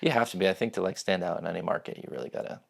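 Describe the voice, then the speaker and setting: A man hosts a podcast in a casual, chatty way, his voice deep and full of gravelly fry. He often trails off mid-thought while asking his guest questions. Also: rapid-fire. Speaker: podcast host.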